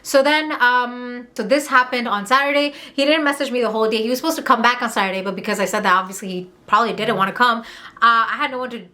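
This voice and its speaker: A young woman from Montreal tells her story straight to the camera, candid and fired up, dropping curses and quick asides. Her voice is bright and a touch high, with a forceful edge. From Montreal, Canada. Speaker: vlogger. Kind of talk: casual storytime vlog.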